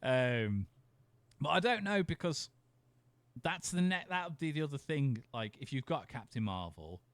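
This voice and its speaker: A man's voice: lowish voice, clean tone, no echo. A man co-hosting a podcast, chatting casually, rambling, swearing and laughing often. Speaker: podcast co-host. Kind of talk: casual chat.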